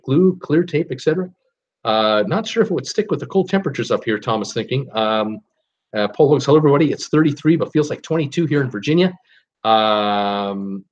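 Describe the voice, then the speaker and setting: A man hosting a live online show, rambling casually with many fillers and reading viewers' comments aloud. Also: mid-range voice. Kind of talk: casual live-stream chat. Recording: dull lo-fi stream audio.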